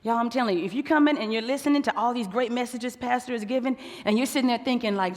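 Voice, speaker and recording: A woman's voice: fairly high pitch, quick pace. A woman preaching a sermon, playful and acting out quoted couples. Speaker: pastor's wife preaching. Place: large church hall. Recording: long church hall reverb.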